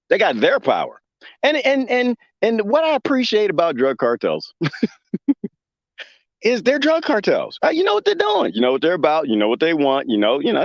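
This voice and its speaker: A man's voice: fairly high pitch, creaky, no echo. A man hosting a casual live stream, rambling and joking, laughing often and reacting to chat. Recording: dull lo-fi dry mic.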